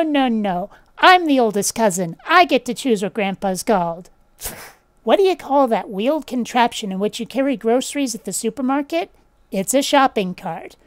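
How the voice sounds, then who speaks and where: A woman's voice: high-pitched, no room sound. A woman hosting a casual vlog, blunt and opinionated, swearing offhandedly as she talks. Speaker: channel host.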